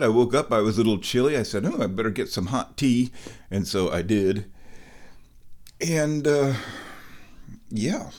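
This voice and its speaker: A man hosting a casual vlog, talking slowly and playfully, now and then slipping into high baby talk, a bit stuffy from sinus trouble. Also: a little mellow. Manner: slow, drawling and playful, with high baby talk to his cat. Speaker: vlog host.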